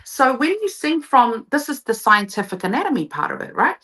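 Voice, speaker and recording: A woman vocal coach explains her method with eager energy in a live show interview. Her voice is bright and forward, and she slips into short sung phrases to demonstrate. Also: a little high, very animated, fairly quick. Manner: enthusiastic explaining, sings short demo phrases.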